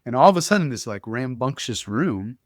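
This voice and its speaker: A man hosting a podcast who tells stories in an animated, casual way, often restarting his sentences. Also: medium pitch, fairly quick, no room sound, studio quality. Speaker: podcast host. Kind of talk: casual conversational storytelling.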